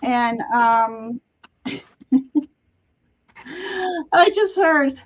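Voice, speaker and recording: A woman host giving a live tarot reading, speaking gently and laughing often between phrases, on dull lo-fi livestream audio. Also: high-pitched, animated, drawn-out words, pauses often. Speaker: tarot reader and show host.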